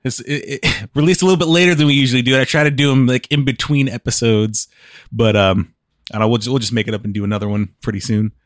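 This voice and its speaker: A podcast host chats casually while chewing food, which muffles his voice a bit, rambling, restarting often and chuckling along. He talks fast in a mid-range voice with fairly even intonation, recorded in a clean studio with no echo.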